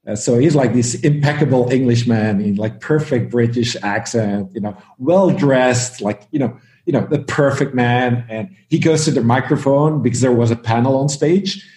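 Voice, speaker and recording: A man's voice: medium pitch, moderate pace, darkish tone, echoey room. A man from Belgium, a guest on a casual panel chat, telling stories with lots of fillers and frequent laughs. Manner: storytelling, laughs often, many fillers.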